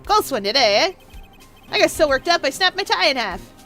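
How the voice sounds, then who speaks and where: A woman acts out an eager, boisterous male police detective from a game. His lines come out loud and bright, full of lively pitch leaps and friendly bluster. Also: fairly quick, faint music behind, heavily acted. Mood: hearty. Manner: hearty, boisterous.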